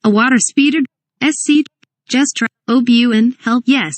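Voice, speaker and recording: A fairly high-pitched woman reads a comedic parody script aloud, moving between stage directions and lines of dialogue. She spells some names out letter by letter. The recording is dry and close, with no room echo. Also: moderate pace.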